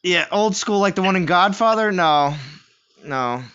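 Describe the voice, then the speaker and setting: A man's voice: high-pitched, lively intonation, a little slow, bright, forceful tone, smooth. A man hosting a game stream, chatting casually with friends and restarting his phrases as he rambles. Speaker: streamer host. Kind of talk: casual voice chat banter. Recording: lo-fi voice chat audio.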